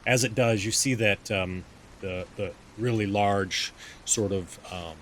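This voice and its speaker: A man's voice: fairly low pitch, measured pace, a bit bright, slight background noise. A man narrating a tabletop game as game master, hesitant, with frequent ums and restarts.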